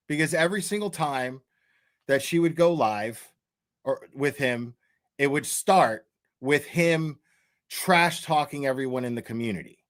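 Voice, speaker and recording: A man commenting on clips in a slow, deliberate way, with a slightly higher voice than most men. His delivery is mocking and profane, and he breaks into laughter at what he plays. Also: fairly bright tone. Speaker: commentary host. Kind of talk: reaction commentary.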